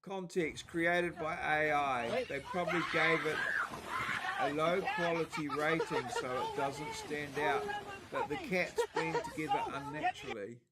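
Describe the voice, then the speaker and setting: A man's voice: on the high side, unhurried, a loud crowd, heavy background noise. A man hosting, casually reading out and chuckling over social media posts. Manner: chuckling, relaxed, amused. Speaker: host.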